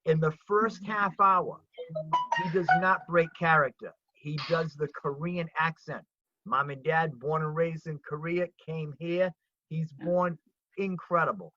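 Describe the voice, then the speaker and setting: A man's voice: on the high side, unhurried, slight background noise. An older man with a Rhode Island accent, telling stories emphatically in a casual chat on a video call. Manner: animated, emphatic storyteller. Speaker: comedian guest. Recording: dull lo-fi call audio.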